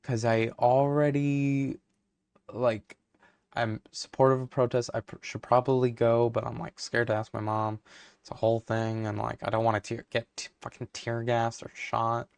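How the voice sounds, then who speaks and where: A man's voice: mid-range voice, flat delivery, moderate pace, vocal fry, darkish tone, smooth, no room sound. A young man vlogging to camera, ranting heatedly and rambling, with many fillers and swearing.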